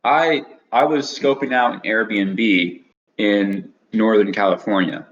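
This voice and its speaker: A young man with a lowish voice spins a loose, rambling anecdote in casual podcast chat. He slips into the voices of the people he quotes. The recording is dull and lo-fi. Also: takes it slowly. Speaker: podcast co-host.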